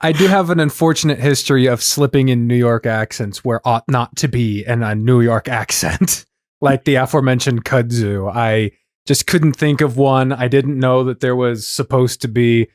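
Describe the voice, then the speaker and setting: A man's voice: mid-range voice, normal speed, a little mellow, no echo, studio quality. A man hosting a podcast, chatting casually and joking about his own narration slips. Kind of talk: casual chat.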